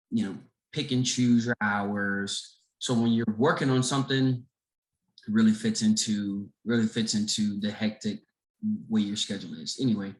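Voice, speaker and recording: A middle-aged man from Chicago telling a story as a podcast guest, animated and acting out the people in it. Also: lowish voice. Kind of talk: casual storytelling. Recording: roomy echo.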